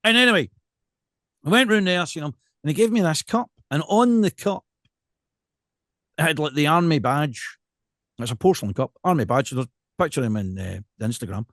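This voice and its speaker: A Scottish man's fairly high voice carries casual podcast banter. He is animated and jokey, and the sound is dry and close to the mic. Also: normal speed, pauses often, dry recording. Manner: animated and jokey, tells stories with quoted asides. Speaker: podcast co-host.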